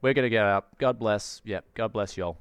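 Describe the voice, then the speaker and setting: A man's voice: lowish voice, moderate pace, clear, resonant tone, dry recording. A man hosting a tech live stream, chatting in a friendly, slangy way. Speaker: tech channel host. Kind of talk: casual live-stream chat.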